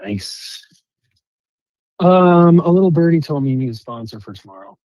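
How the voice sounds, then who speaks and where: A man's voice: a little high, lively intonation, normal speed, a little mellow, dry recording, poor audio. A man calling in to a morning talk show and chatting in a friendly, teasing way. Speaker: caller. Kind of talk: casual phone-in chat.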